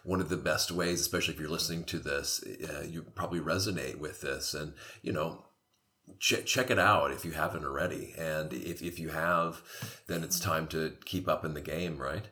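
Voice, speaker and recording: A man hosts a podcast conversation in a very low, deep voice. He thinks aloud at length. He often restarts his sentences as he gropes toward a point. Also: steady tone, normal speed, sharp tone. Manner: meandering, reflective, with many restarts.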